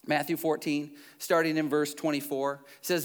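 A man's voice: fairly high pitch, flat delivery, normal speed, few pauses, fairly bright tone, clear, resonant tone. A male pastor giving a sermon in a conversational way, full of restarts and asides, in church.

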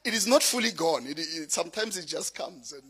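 Man, South African accent, preacher, sermon, high voice, middle-aged, laughing storyteller. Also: a little fast, slightly rough. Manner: lively storytelling, laughing through anecdotes.

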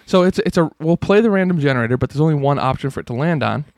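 A man's voice: fairly high pitch, racing, dry recording, studio quality. A young man co-hosting a casual comedy podcast, talking animatedly and acting out quotes. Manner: animated, acts out quoted characters. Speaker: podcast co-host.

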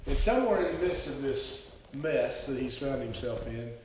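A man's voice: mid-range voice, lively intonation, moderate pace, darkish tone, a little hiss or hum. A man preaching a sermon, telling the story earnestly and stumbling over repeated words. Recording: very echoey hall, speaker far from mic.

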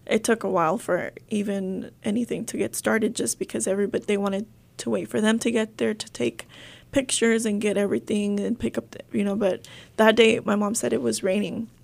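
A young woman telling a painful personal story in an interview, halting and emotional, with many fillers and restarts. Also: mid-range voice, steady tone, vocal fry.

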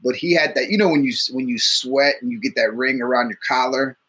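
A man's voice: medium pitch, brisk, pushed and bright. A man co-hosting a casual podcast, telling a crude story with lots of laughter and swearing. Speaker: podcast co-host.

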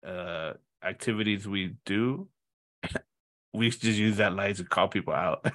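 A man's voice: lowish voice, unhurried, a bit bright, no room sound. A man co-hosting a podcast, chatting casually, laughing often and chiming in with short agreement. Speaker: podcast co-host. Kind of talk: casual chat.

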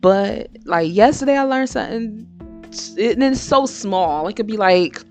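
A woman's voice: mid-range voice, a little slow, faint music behind. A woman hosting her own podcast, giving frank, slangy advice in a casual monologue. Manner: frank, slangy and animated, switching into impressions. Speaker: podcast host.

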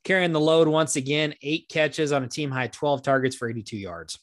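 A man's voice: a little high, a little fast, a bit bright, no room sound, studio quality. A man co-hosting a casual football podcast, chatty and folksy, running through player stats. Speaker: podcast co-host. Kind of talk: casual sports chat.

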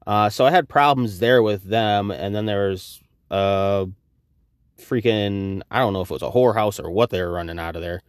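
Low-voiced guy ranting on his podcast, swears a lot, acts out both sides, dry close sound. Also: normal speed, smooth, no echo. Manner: profane, animated, acts out quoted exchanges. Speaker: podcast host. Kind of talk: casual storytelling monologue.

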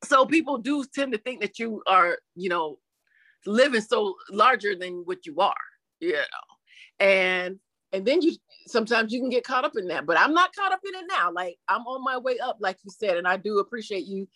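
A woman being interviewed in a casual chat, telling her story animatedly and acting out quotes in lively voices. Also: mid-range voice, normal speed, dry recording. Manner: chatty, with frequent "you know" fillers. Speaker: interview guest.

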